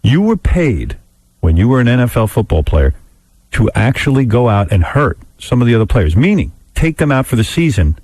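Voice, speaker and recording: A man's voice: medium pitch, very animated, moderate pace, a little mellow, no room sound. A man hosting a radio interview, teasing and needling his guest and reading passages aloud with mock drama. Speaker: radio show host. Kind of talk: provocative radio interview banter.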